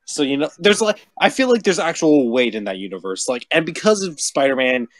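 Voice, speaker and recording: A man's voice: on the high side, sing-song, a little fast, no room sound. A man chatting casually about comic heroes on a podcast, rambling with lots of fillers and swearing. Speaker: podcast host. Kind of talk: casual chat.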